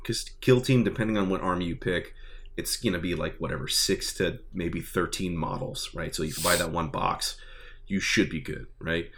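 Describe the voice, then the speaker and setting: A man with a very low voice chats casually, talking excitedly and rambling with plenty of fillers. His tone is bright and forceful, and he keeps checking in with "right?" as he explains. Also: normal speed. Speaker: tabletop gaming enthusiast. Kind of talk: casual chat.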